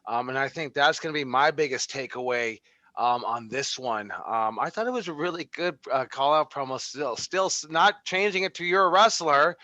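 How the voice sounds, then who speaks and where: Wrestling coach guy running class on a call, bright sharp voice, dry dull lo-fi sound. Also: mid-range voice, lively intonation, dry recording. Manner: brisk, encouraging. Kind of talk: running a class over video.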